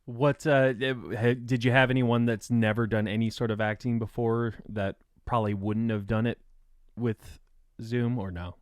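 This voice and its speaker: A man's voice: medium pitch, steady tone, normal speed, clear, resonant tone, no echo. Hesitant male podcast host, dry sound. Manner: hesitant, many fillers, laughs often. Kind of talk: casual interview chat.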